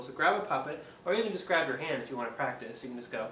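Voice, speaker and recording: Racing along with few pauses, a man from Oregon speaks in a sharp, medium-pitched voice while hosting a casual puppetry tutorial on his channel. He rambles and hesitates, full of ums and restarts. The room echoes, the mic is distant, and a faint hum sits beneath him.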